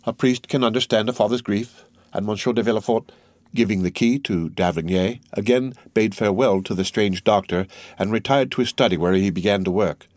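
Male reader narrating a classic novel, steady and measured, low voice; dry close recording. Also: no echo. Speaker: audiobook reader.

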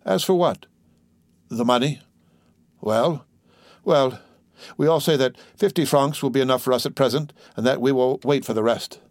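A man voicing an old sailor who speaks plainly and rough of a wreck at sea. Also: medium pitch, moderate pace, pauses often, darkish tone, no echo, clean studio sound, lightly acted. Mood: pleading. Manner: plain-spoken, loyal, rough. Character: old sailor telling of a shipwreck.

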